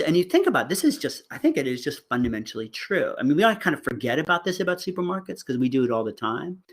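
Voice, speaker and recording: A middle-aged man teaching a college class in a loose, chatty way. His pitch swoops widely as he jokes, and he stumbles through fillers and restarts, often breaking into laughter. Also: rough recording. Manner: animated, laughing, halting with many fillers. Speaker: college lecturer. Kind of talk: casual online class lecture.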